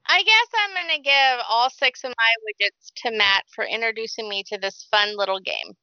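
A woman's voice: on the high side, very animated, moderate pace, pushed and bright, no room sound, muffled recording. A woman hosting a casual group podcast, upbeat and giggly. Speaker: podcast host.

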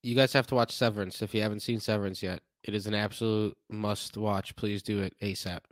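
A man's voice: lowish voice, little pitch movement, brisk, dry recording. A man co-hosting a podcast, chatting casually with brief, emphatic remarks. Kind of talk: casual chat.

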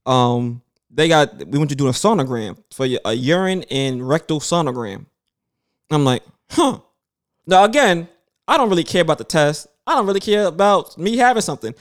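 30s guy, kinda high voice, telling a wild story casual, doing everybody's lines, cussing a lot. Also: brisk. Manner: animated, acts out other people's lines, swears freely.

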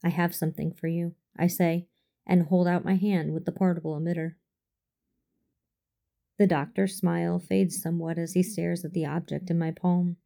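A woman reading a first-person fan fiction story aloud in a measured, formal, restrained manner. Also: fairly low pitch, little pitch movement, gravelly, dark tone. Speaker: audiobook reader.

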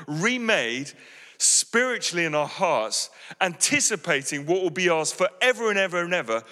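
A male pastor preaches with an earnest, pleading warmth, restarting phrases and leaning on "you know". His voice is bright and forceful, a little higher than most men's. The sound carries a long reverb from a hall. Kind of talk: sermon.

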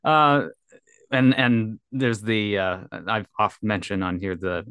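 A man's voice: fairly low pitch, steady tone, takes it slowly, fairly bright tone, smooth, no echo, clean studio sound. A man co-hosting a casual podcast, telling a story in a rambling way with lots of fillers. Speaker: podcast co-host. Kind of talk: casual chat.

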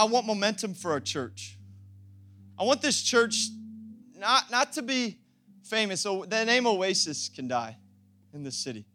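A young adult pastor delivering an impassioned sermon, often rising to shouting. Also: male voice, high-pitched.

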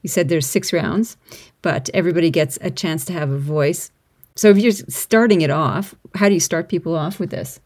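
A woman's voice: fairly low pitch, normal speed, darkish tone. A woman hosting a podcast, interviewing a guest with curious, encouraging questions. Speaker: podcast host.

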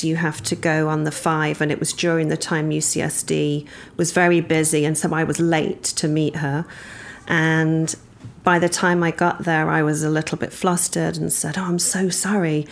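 A woman from England, a podcast guest, telling a personal story thoughtfully with many pauses and ums. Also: sits low, little pitch movement, vocal fry, a little hiss or hum.

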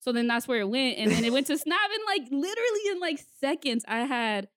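A woman's voice: sits high, very animated, brisk, a bit bright, no room sound, clean studio sound. A young woman co-hosting a casual chat, laughing often and talking in blunt, profane slang.

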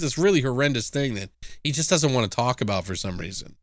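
A man co-hosting a casual movie review podcast, retelling scenes with lively jumps into higher voices and the odd swear. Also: fast talker, no room sound, clean studio sound. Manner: animated retelling, jumps into high-pitched impressions of characters. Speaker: podcast co-host.

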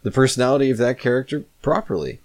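A man's voice: mid-range voice, fairly even intonation, fast talker, vocal fry. A man co-hosting a podcast in casual chat, blunt and salty in his speech. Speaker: podcast co-host.

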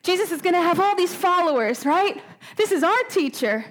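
A woman's voice: very high voice, normal speed, pitched above the performer's own voice. A woman doing an eager, fretful young disciple. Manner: excited, urgent, repetitive. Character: eager, anxious male disciple, young adult.

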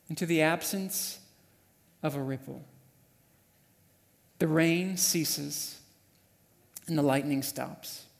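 A man preaching a sermon, telling a story vividly and swinging from hushed passages to loud, urgent ones. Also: high-pitched, long reverb tail. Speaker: pastor. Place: church sanctuary.

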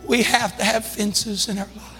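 A man preaching a sermon as pastor, emphatic, swinging between loud calls and quiet asides. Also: high-pitched, fairly even intonation, moderate pace, in a large hall, soft background music. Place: church sanctuary.

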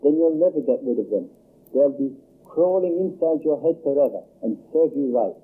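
A man voicing a calm, firm little girl who coaxes a frightened man, speaking in an insistent, questioning way over a tinny phone-like line. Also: medium pitch, normal speed, slight background noise, natural voice. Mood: stern.

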